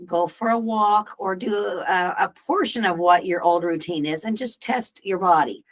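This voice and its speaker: A woman co-hosting a health podcast, explaining breathing and recovery calmly. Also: fairly low pitch, normal speed. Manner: calm, explanatory. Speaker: podcast co-host. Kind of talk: casual advice chat.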